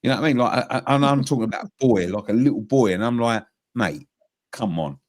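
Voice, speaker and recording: A man's voice: medium pitch, rapid-fire. A man hosting a casual football panel and telling stories in a chatty way. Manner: lively storyteller, chatty.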